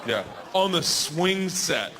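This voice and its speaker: A man in his thirties doing a crude, animated stand-up set on a club stage, telling a story with shouted outbursts. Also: on the high side, slow, very noisy. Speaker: stand-up comedian. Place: comedy club stage before a laughing crowd. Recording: live club recording, crowd laughter.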